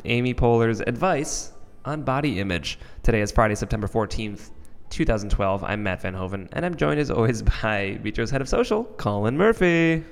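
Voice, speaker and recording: Rambling podcast host, reverby room. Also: male voice, medium pitch, animated, gravelly, clear, resonant tone. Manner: rambling, halting with fillers. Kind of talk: casual podcast chat.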